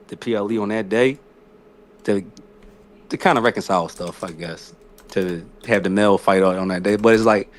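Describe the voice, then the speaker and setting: A man co-hosting a casual podcast, giving a laid-back rundown of the news. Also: on the low side. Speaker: podcast co-host. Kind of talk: casual chat.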